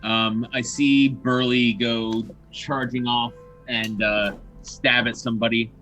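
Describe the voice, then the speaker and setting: A man describes his turn in a tabletop game in an easy, measured way. His voice is bright and forceful, sitting mid-range for a man. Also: medium pitch, little pitch movement, soft background music. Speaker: player. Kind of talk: casual tabletop game chat.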